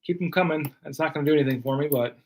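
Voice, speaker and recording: A man's voice: on the high side, rapid-fire, noisy background. Chatty man calling out trading cards. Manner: chatty, running play-by-play of cards. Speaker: card break host. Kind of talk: casual live-stream commentary.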